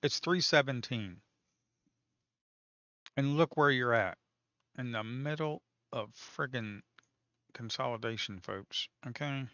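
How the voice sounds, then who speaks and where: A man's voice: medium pitch, slow, long pauses, pushed and bright, no room sound, lo-fi sound. A man commenting casually on live trading, talking to viewers as folks, swearing and teasing the market. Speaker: day trader streaming live.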